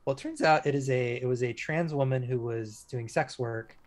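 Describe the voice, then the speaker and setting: A man with a medium-pitched voice, formerly a police officer, tells a story as an interview guest. His delivery is relaxed yet halting, with many restarts and filler words.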